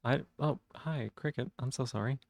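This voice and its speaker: A man's voice: medium pitch, normal speed, a little hiss or hum. A man chatting casually on a live stream, rambling with lots of fillers and restarts.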